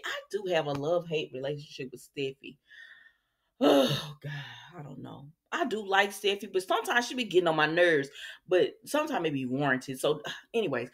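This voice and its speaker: Lively, exasperated woman recapping soaps. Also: fairly low pitch, normal speed. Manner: animated, exasperated, talks straight to her viewers. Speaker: soap opera recap vlogger. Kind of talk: casual recap talk to viewers.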